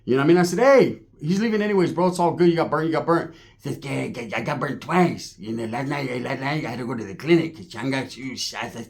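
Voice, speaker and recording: A man's voice: medium pitch, quick pace. A man with a Californian accent telling a rambling, profane street story full of slang and acted-out quotes.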